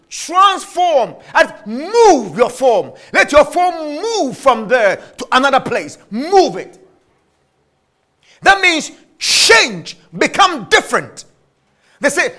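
A male preacher with a very high, bright voice delivers a sermon in an unhurried, deliberate rhythm. He leans on repetition and stretches out his stressed phrases, and his pitch rises and falls expressively.

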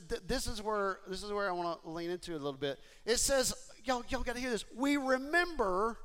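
A man preaching a relaxed, conversational sermon, talking straight to his listeners in a lively way with frequent restarts. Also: very high-pitched. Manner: animated, talks straight to listeners, many restarts.

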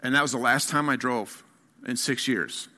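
Bright-voiced man sharing a candid testimony. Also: mid-range voice. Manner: halting storytelling with many fillers and restarts; earnest, candid. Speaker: guest speaker. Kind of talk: personal testimony sermon.

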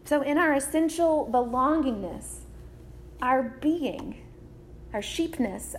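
Woman preaching a sermon, high voice, slow and deliberate, faint hiss behind. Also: a little mellow. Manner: measured, deliberate phrasing with repetition.

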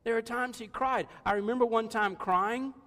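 High-voiced older pastor in a hall. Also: male voice, moderate pace, fairly bright tone. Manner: conversational, jokey, laughs often. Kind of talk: sermon.

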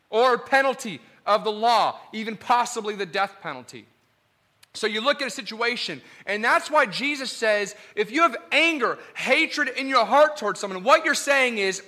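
A male pastor preaching a sermon in an animated, emphatic, conversational way. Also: high voice.

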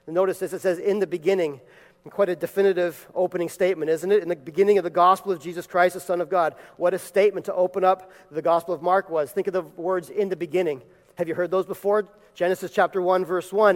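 A man's voice: sits high, in a large hall. A man preaching a sermon in a church, reading scripture, praying and teaching with emphatic repeated phrases. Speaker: pastor. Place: church sanctuary.

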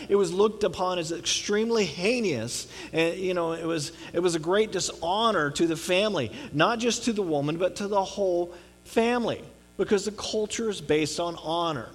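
Man, pastor, earnest conversational sermon, fairly high voice. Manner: earnest, checks in with listeners often. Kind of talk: conversational Bible teaching.

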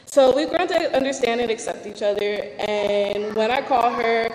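A woman's voice: on the high side, moderate pace, a little mellow, echoey room, long reverb tail, a little hiss or hum, poor audio. A young woman reading out a candid, self-deprecating personal talk about faith and her own life. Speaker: speaker giving a personal testimony.

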